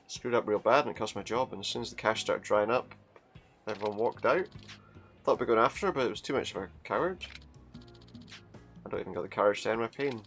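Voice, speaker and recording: A weary, defeated man from a video game, who sounds like he has given up on everything, as a man reads his lines aloud. He talks slowly and flatly in an ordinary mid-range voice. Soft music plays faintly underneath. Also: mid-range voice, natural voice.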